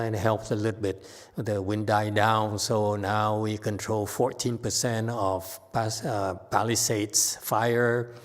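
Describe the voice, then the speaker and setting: A man with a low voice gives an unhurried Buddhist Dharma talk, speaking very slowly. His delivery is halting, with frequent restarts and a questioning "okay?" tagged onto his points. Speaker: Buddhist teacher. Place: temple hall.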